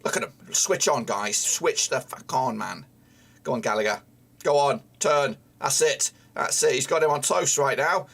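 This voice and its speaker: A man's voice: mid-range voice, moderate pace, gravelly, fairly bright tone. A man streaming a live football watchalong who is frustrated, swears often and talks at the players on screen. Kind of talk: live match watchalong commentary.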